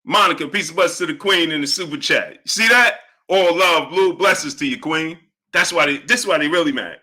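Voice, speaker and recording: Guy on a live stream shouting out chat names, bright forceful voice, kinda high. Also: brisk. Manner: animated, repeats catchphrases, greets viewers by name. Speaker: live-stream host reading viewer chat.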